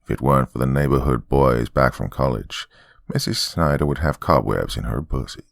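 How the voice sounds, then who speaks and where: A man's voice: a bass voice, moderate pace, vocal fry, no room sound, clean studio sound, voice pushed down. A man voicing a spiteful, crude cleaning robot. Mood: sneering.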